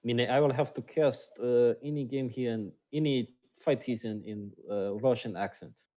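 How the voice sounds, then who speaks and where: A man's voice: medium pitch, normal speed, warm tone. A man casting an amateur esports match in a casual, playful way, tossing in jokey quips. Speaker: esports caster.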